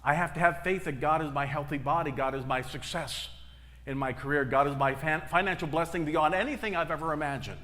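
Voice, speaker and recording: Fairly high-pitched and sharp in tone, a middle-aged minister preaches fairly quickly. His storytelling leans on emphatic repetitions, and the reverberant church sanctuary carries his sermon.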